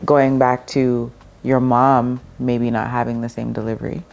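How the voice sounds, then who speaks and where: A woman with a gravelly, creaky voice and a dark, mellow tone asks pointed questions on a podcast. She keeps the conversation moving with steady affirmations as she probes. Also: extremely low pitch, a little slow, dull audio, faint music behind. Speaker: podcast guest.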